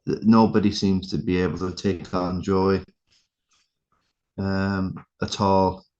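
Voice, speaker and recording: A man's voice: deep voice, flat delivery, takes it slowly, darkish tone. An Irish man hosting a casual fantasy football review, rambling and ranting in exasperated asides. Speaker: fantasy football league host. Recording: dull lo-fi sound.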